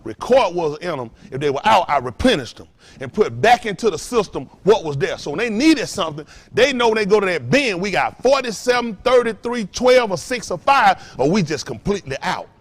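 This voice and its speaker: Speaking in a high voice with big swings in pitch, this male pastor talks fairly quickly as he preaches. He trades call-and-response with his congregation, throws out rhetorical questions, and alternates between loud, emphatic moments and hushed ones.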